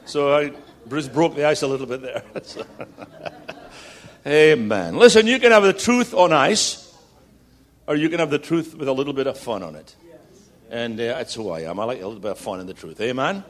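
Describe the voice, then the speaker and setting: A man preaching as a guest speaker, building to loud repeated declarations and slipping in jokey stories. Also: mid-range voice, lively intonation, moderate pace. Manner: jokey storytelling asides. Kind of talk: sermon.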